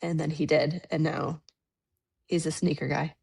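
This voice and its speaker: A woman's voice: deep voice, little pitch movement, creaky, darkish tone, slightly rough. A woman co-hosting a sports podcast, chatting casually and agreeing readily. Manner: agreeable, quick affirmations. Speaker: podcast co-host.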